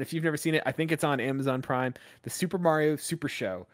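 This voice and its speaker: A man's voice: on the high side, fast talker. A man co-hosting a gaming podcast, chatting casually with lots of fillers. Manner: animated, excitable, loose with fillers. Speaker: podcast co-host. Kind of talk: casual chat.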